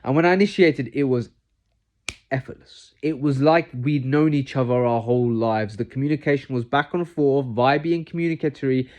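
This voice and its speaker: A man's voice: mid-range voice, normal speed, a little mellow. A young man gives casual, earnest dating advice to camera. He says "man" and "like" a lot and gets heated when he rants. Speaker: vlogger giving dating advice.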